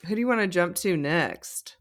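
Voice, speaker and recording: A woman's voice: on the low side, normal speed. A woman co-hosting a podcast, recapping reality TV in casual, chatty talk full of "like" and laughter. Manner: chatty, animated, lots of "like", laughs often. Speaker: podcast co-host.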